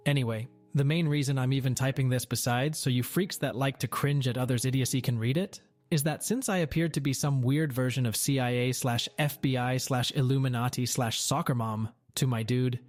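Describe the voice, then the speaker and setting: A man's voice: mid-range voice, a little mellow, no echo. A man narrating a Reddit post aloud in a wry, sardonic manner.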